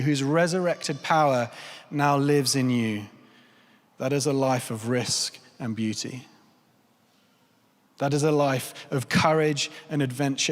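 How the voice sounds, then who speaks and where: Earnest male preacher in a reverberant church. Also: mid-range voice. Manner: earnest, pleading, repeats phrases for emphasis. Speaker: pastor. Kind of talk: sermon.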